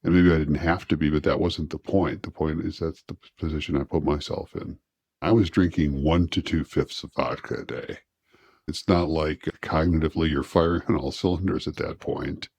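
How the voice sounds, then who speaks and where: A man with a very deep voice talks openly as an interview guest. His speech is reflective and halting, with frequent restarts. The recording is dry and close, with no room sound. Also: fairly even intonation, creaky, darkish tone, no echo. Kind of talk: candid personal interview.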